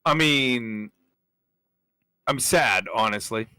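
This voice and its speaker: A man's voice: medium pitch, slow, bright, forceful tone, clear, resonant tone, dry recording. Hesitant man chatting on a gaming stream. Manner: hesitant, restarts his sentences. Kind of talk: casual chat while playing.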